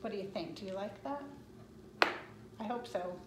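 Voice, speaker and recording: A woman's voice: medium pitch, normal speed. A woman leading a children's music lesson, chanting animal words in rhythm and cheering the kids on. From Florida. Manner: encouraging, sing-song rhythmic chanting. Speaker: music teacher. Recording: echoey room with clear background noise.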